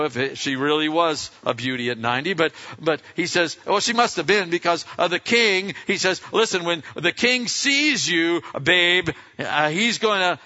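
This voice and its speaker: Male preacher, casual folksy sermon delivery, voice a little high, dull lo-fi recording. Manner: folksy, swings between loud and quiet, acts out quotes. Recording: dull lo-fi sound.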